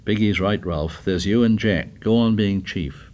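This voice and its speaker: A man reading the part of a quiet, thoughtful boy who speaks softly. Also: on the low side, a little slow, lightly acted. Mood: subdued.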